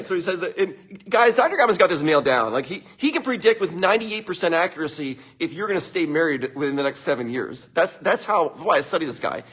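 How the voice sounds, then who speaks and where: A man giving relationship advice in a live talk, chatty and animated, laughing often and speaking straight to his listeners. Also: high-pitched, breathy edge.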